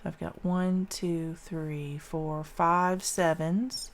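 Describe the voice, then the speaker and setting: In a casual classroom math lesson, a woman teacher with a lowish voice speaks at a slow pace with flat delivery. She goes through a calculation step by step, counting aloud informally.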